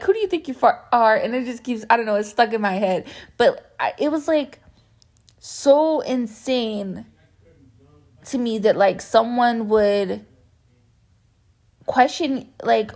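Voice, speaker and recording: Chatty young woman with a gravelly voice. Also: on the high side, measured pace. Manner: chatty and meandering, heavy use of "like". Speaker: vlogger telling a story time. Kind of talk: casual story-time chat.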